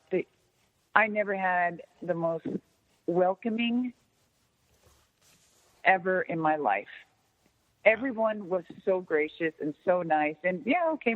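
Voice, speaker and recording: A woman in her fifties, a guest in a phone interview, telling a story in an animated, profane way and acting out the dialogue. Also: mid-range voice. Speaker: interview guest, former wrestler. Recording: tinny phone line with long reverb.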